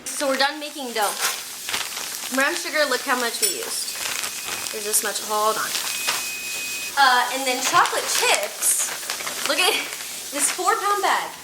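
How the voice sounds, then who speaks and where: A woman hosts a casual baking vlog in her home kitchen, chatting and thinking aloud as she works. Her high-pitched voice has lively intonation, and she takes it slowly with frequent pauses. The kitchen sounds echoey, with clear background noise.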